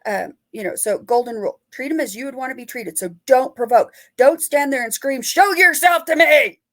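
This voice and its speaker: A woman's voice: fairly high pitch, fairly quick, darkish tone. A woman paranormal investigator and author, a guest in a casual interview, talking animatedly and playfully acting out quoted lines.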